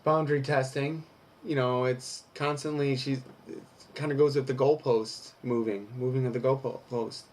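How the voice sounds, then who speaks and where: A man's voice: mid-range voice, steady tone, moderate pace. A young man recording a candid personal vlog who reads from an article and then talks through it frankly, with some swearing. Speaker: vlogger.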